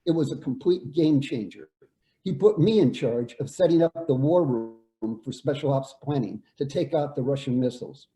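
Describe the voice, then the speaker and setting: Older man, veteran storyteller, very dark mellow tone, measured delivery, echoey room. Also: medium pitch. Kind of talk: reading a prepared personal story.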